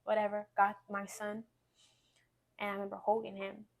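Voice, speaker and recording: A woman recounts her own hard experience as a testimony. She talks in a rambling, halting way, stopping and restarting as she goes, in a voice of middling pitch. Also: completely flat delivery, vocal fry. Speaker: guest sharing her testimony. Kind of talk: emotional personal testimony.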